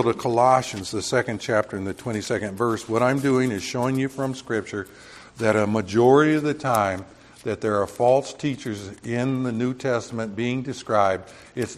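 A man's voice: medium pitch, moderate pace. Texan male pastor, mid-range voice, casual verse-by-verse preaching with emphatic peaks. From Texas. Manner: conversational preaching, rising emphatic on key points. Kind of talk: sermon.

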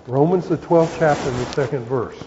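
This recording captures a man with a mid-range voice, a pastor walking his congregation through a Bible lesson word by word. He speaks haltingly and keeps correcting himself. The sound is lo-fi with a noisy background.

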